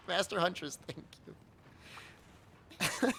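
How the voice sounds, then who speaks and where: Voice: mid-range voice, very animated, normal speed, bright, forceful tone. A game streamer chatting casually on a live stream, ranting in a mock-angry way and laughing often.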